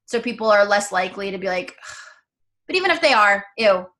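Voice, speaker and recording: Bright-voiced chatty woman vlogger. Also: medium pitch, brisk. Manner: chatty, animated storytelling with frequent fillers. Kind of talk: casual chat.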